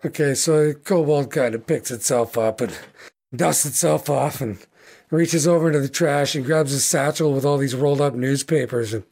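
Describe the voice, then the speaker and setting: A man's voice: mid-range voice, normal speed, darkish tone. Rambling man running a tabletop game. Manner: rambling, many fillers. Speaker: game master.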